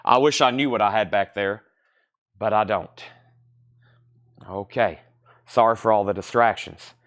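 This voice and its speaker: A man's voice: fairly low pitch, a little slow, a bit bright. A man from the American South with a Southern accent, hosting a live-stream vinyl record sale from a record shop. He reads out album titles, bids and prices between chatty asides. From Southern United States. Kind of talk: live-stream auction chat.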